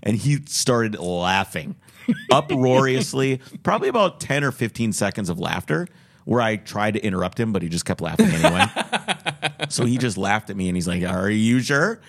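A man's voice: lowish voice, very animated, moderate pace, gravelly. A young man with a Minnesotan accent co-hosting a casual chat, rambling through a story and acting out the voices of people he quotes.

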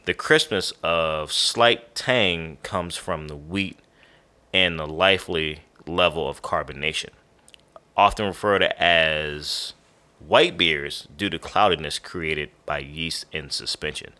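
Man, very low voice, bright tone, tired, rambling podcast chat. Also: slow. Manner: relaxed, rambling with fillers, tired and yawning. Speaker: podcast co-host. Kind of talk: casual podcast chat, reading beer notes.

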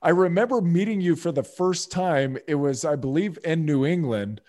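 Upbeat guy hosting a podcast, friendly and chatty, voice sits a bit high. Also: animated, normal speed, darkish tone. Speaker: podcast host. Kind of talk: podcast intro and casual interview.

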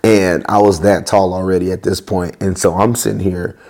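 A young man, a podcast guest and worship leader, telling a story casually in an animated, slangy way. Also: low voice, moderate pace.

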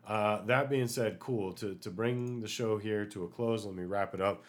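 A man hosting a solo podcast, chatting casually and ranting in an animated way, with many fillers, while getting over an illness. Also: lowish voice, moderate pace. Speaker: podcast host.

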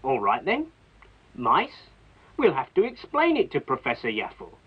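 A man voicing a patient, wise old toad in a 1970s stop-motion show, explaining things gently. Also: medium pitch, wildly swooping pitch, a little slow, husky, exaggerated voice. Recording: dull lo-fi 1970s TV sound.

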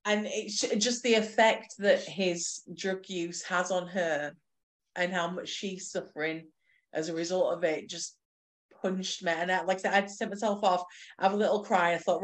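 A woman co-hosting a casual film podcast, chatting in an animated way with frequent restarts. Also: fairly low pitch, moderate pace. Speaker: podcast co-host. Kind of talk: casual chat.

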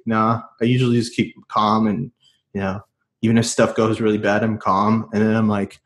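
A man's voice: on the low side, flat delivery, normal speed. A man in casual podcast chat, laid-back and rambling, with many fillers and restarts.

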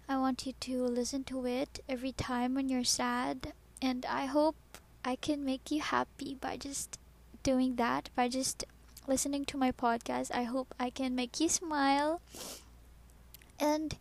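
A woman with a Filipino accent hosting a podcast, talking softly and rambling as she switches between English and Tagalog and calls the listener "baby.". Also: high-pitched, creaky. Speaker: podcast host. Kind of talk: personal podcast monologue.

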